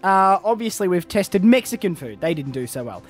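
A young Australian man co-hosting a radio breakfast show, with playful, excitable banter. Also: sits high, moderate pace, faint music behind.

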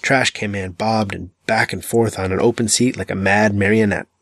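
Low-voiced man reading a dark novel. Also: steady tone, normal speed, no echo. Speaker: audiobook narrator. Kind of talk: scripted narration.

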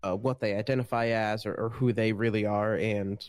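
A speaker in a casual group chat over an online call, talking hesitantly and often repeating words as they gather their thoughts. Their voice sits at a middle pitch. The sound is dry and close. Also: fairly even intonation, normal speed, a little mellow, dry recording. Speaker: discussion participant.

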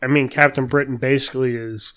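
A man's voice: medium pitch, fairly even intonation, a little fast, fairly bright tone. A man co-hosting a casual movie review podcast, musing loosely and often trailing off. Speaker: podcast co-host.

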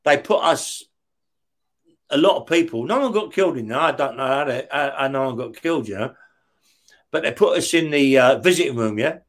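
A middle-aged man with a medium-pitched, animated voice talks a little fast as he tells stories in an interview. Once a career criminal, he swears all the time, laughs mid-story, and keeps throwing in "yeah?".

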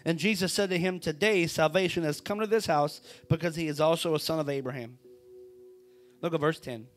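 A man preaching a sermon, telling a story with drama and swinging from a hushed voice to a shout. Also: a little high, brisk, faint music behind. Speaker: pastor.

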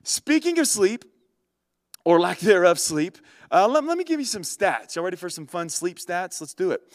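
A chatty man tells a story straight to his audience, animated and casual. His voice sits a bit high, and the sound is dry and close. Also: normal speed, no echo. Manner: animated, chatty, addresses listeners directly. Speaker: vlogger.

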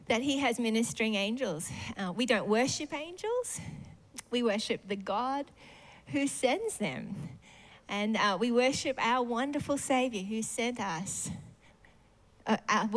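A woman preacher giving a sermon in a church service. She talks expressively and animatedly and often laughs. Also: fairly high pitch.

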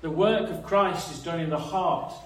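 A man's voice: fairly high pitch, moderate pace, a bit bright. A man preaching a sermon in an earnest, reasoning way, often repeating words as he thinks. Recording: echoey room, mic some distance away.

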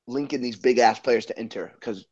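A man's voice: mid-range voice, brisk, a little mellow, breathy edge, muffled recording. A man co-hosting a football podcast, ranting in casual, profane chat. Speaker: podcast co-host.

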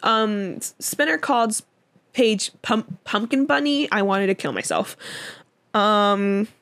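A young woman co-hosts a podcast in relaxed, casual conversation. She rambles with plenty of fillers and laughs easily, her pitch sitting in a middle range. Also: slow. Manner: chatty, lots of fillers and laughs. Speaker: podcast co-host. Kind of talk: casual chat.

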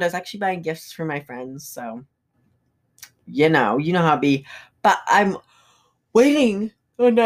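Young woman, low-pitched, casual solo podcast host, rambly and full of fillers. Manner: chatty and rambling, with frequent fillers and asides.

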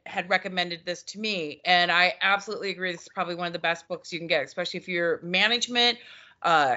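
A woman co-hosting a podcast in casual chat, telling stories and acting out what people said. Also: medium pitch. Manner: animated storyteller, acts out quoted exchanges. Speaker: podcast co-host; former customer service manager. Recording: dull lo-fi audio.

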